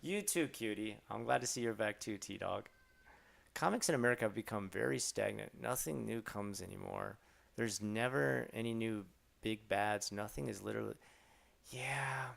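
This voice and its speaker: A man casually chatting on a live stream, answering chat and joking around, often mimicking short phrases with exaggerated jumps in pitch. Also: moderate pace, creaky, a bit bright.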